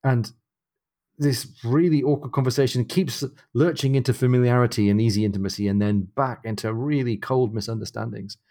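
A man's voice: mid-range voice, fairly even intonation, brisk, dark tone. A man co-hosting a podcast, retelling a novel's plot and reading passages aloud. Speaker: podcast co-host. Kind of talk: book discussion chat.

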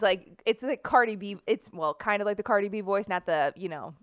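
A woman guest on a podcast, chatty and lively, laughing easily in casual talk. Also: medium pitch, a little fast, no room sound. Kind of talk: casual chat.

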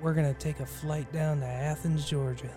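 A man leading a joking guided meditation in a soft, hushed, soothing voice. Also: a little high, steady tone, normal speed, music in the background. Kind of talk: mock guided meditation, comedic.

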